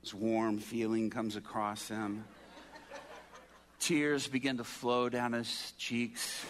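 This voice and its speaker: A bright, forceful male pastor caught mid-sermon, spinning a story with lively energy. He throws himself into the voices of the people he describes, swinging from calm narration to loud outbursts. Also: fairly low pitch, a little slow, a little hiss or hum. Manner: animated storyteller who acts out the people in his story.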